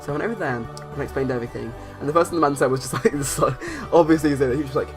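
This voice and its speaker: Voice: mid-range voice, very fast. A young adult telling a long story in a casual voice-over, rambling with many restarts and fillers. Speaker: channel host. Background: faint background music.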